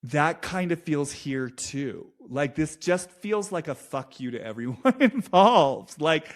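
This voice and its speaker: A man's voice: a little high, sing-song, takes it slowly. A young man talking through a reality show in a loose, rambling monologue, full of fillers and restarts, swearing freely. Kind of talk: casual analytic monologue.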